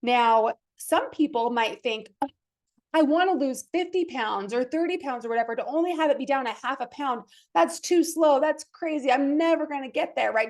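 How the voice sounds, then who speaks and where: A woman in her thirties hosting a fitness podcast, talking casually and enthusiastically and acting out the thoughts people have in their heads. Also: fairly high pitch. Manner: chatty, enthusiastic, acts out her own inner thoughts. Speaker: fitness coach and podcast host. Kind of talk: casual motivational podcast talk.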